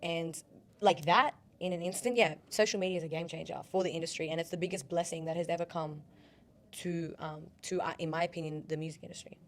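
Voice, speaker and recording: Speaking quickly in a lowish, fairly level voice, a young Australian woman chats casually as a rapper guest on a podcast. Her talk is full of "like" and often veers into tangents.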